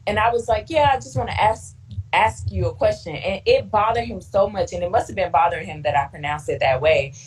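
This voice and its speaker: A woman's voice: mid-range voice, brisk, poor audio. Southern American woman telling a story. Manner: animated, acts out quoted voices. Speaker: guest scientist. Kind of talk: casual interview storytelling.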